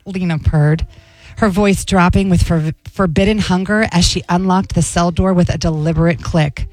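A woman radio host reading a racy story aloud on air in a slow, careful voice. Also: on the low side, steady tone, a little mellow, no echo, soft background music, low-quality recording.

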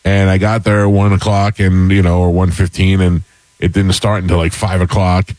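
A man's voice: low-pitched, flat delivery, moderate pace, a little mellow, no echo, rough recording. A man hosting a casual chat show, telling a long rambling story with self-deprecating humor.

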